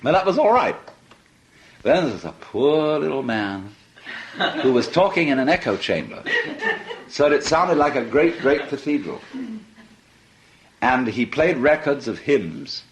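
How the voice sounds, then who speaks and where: A man's voice: mid-range voice, big pitch swings, unhurried, long pauses. A man giving a reflective philosophy talk, musing and playful, often laughing as he speaks. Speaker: philosophy lecturer. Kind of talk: reflective archival lecture.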